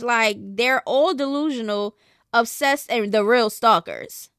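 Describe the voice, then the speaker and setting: A woman with a somewhat high voice hosts a celebrity gossip show. She gives her commentary casually, bluntly and sassily, and she never hides her opinions. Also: lively intonation, takes it slowly, a bit bright, clean tone. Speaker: gossip channel host.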